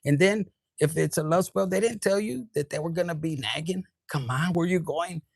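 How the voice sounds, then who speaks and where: Man, tarot reading, gravelly fry, profane and animated, mixes in Spanish. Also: a little high, moderate pace, no echo. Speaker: tarot reader.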